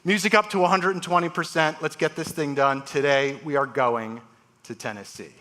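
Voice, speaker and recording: A man speaks on a live stage, telling surgery stories in a bright, forceful voice that sits a little high for a man. He swings his delivery widely, acting out each patient's words. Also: moderate pace. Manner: animated, acts out patients' voices. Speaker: transplant surgeon giving a talk. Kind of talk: storytelling speech on stage. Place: large live event hall.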